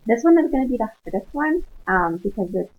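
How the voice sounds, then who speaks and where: A woman's voice: a little high, big pitch swings, fairly quick. A woman Spanish instructor patiently walking students through online coursework, mixing English with Spanish words. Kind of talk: screen-share walkthrough of online coursework. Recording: tinny phone-like lo-fi audio.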